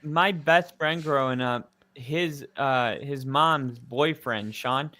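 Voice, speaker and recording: A man's voice: mid-range voice, slow, bright, forceful tone. A man co-hosting a football live stream in casual chat, rambling with lots of fillers.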